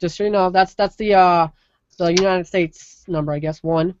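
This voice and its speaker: A woman's voice: on the low side, fairly even intonation, normal speed, dull audio, a little hiss or hum. A woman hosting a casual call-in talk show, talking emphatically and rambling with many restarts. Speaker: podcast host. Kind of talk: casual opinion chat.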